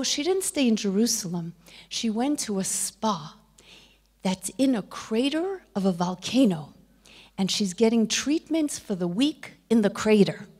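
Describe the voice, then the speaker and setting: A woman's voice: medium pitch, a little mellow. A middle-aged woman giving a Torah lecture, telling stories, acting out the dialogue and dropping to a whisper for emphasis. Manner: storytelling, acts out quoted dialogue. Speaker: speaker.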